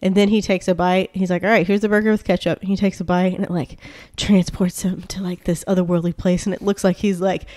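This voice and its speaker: A young woman co-hosting a podcast, chatting casually, telling stories with lively retellings and quick reactions. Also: fairly low pitch. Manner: animated storyteller, quick reactions. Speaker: podcast co-host. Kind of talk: casual chat.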